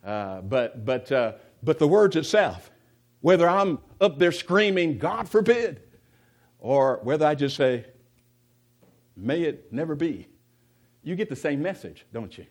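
A man's voice: a little high, big pitch swings, moderate pace, darkish tone. A man preaching a sermon in a conversational way, often putting questions to the congregation and restarting his sentences. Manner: many restarts and repeated words.

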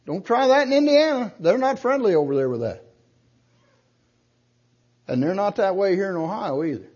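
A man's voice: high-pitched, sing-song, normal speed, pauses often, husky, dull audio. An older man preaching a sermon, pressing his point with rhetorical questions and punching key words. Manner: emphatic, rhetorical questions, rising to loud stresses.

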